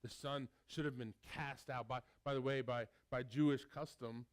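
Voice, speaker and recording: Stammering, animated male preacher. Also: mid-range voice, normal speed. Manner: animated storytelling with frequent stammered repeats. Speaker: pastor. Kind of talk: sermon.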